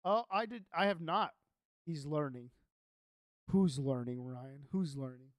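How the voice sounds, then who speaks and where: A man's voice: a little high, unhurried, no room sound, studio quality. A young man live-streaming a game, chatting loosely with his viewers and reading his own notes aloud in a rambling way. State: sleepy, yawning. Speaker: Minecraft streamer. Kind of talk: casual live-stream chat.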